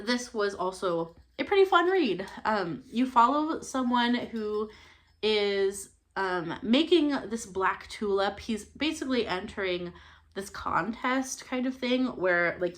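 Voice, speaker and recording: A woman's voice: mid-range voice, a bit bright. Young woman rambling casually about books she read, lots of ums and little laughs. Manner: chatty, many fillers and laughs. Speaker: book channel host. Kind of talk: casual book review chat.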